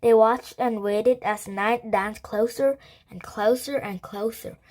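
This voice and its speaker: A woman reading a children's chapter book aloud, slowly and carefully, with slips she corrects. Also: fairly high pitch, fairly even intonation, a little mellow.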